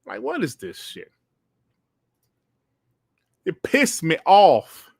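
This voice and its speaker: Middle-aged male host, casual stream chat, slangy and profane, slightly high pitch. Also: wildly swooping pitch, very slow, creaky, breathy edge, no room sound, clean studio sound. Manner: laid-back, slangy, profane.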